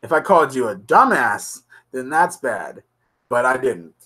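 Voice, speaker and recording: A man's voice: medium pitch, big pitch swings, measured pace, bright, forceful tone, husky. A man hosting an RC hobby show, chatting casually and goofily with his live-stream viewers. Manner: goofy, laughing, chatty with viewers.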